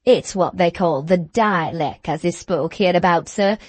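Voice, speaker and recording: A woman's voice: on the low side, unhurried, dry recording. A woman voicing a pompous, chatty male village innkeeper with a treble, wheezy voice and a mincing accent, reading a classic novel aloud. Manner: deferential, chatty, says "sir" often.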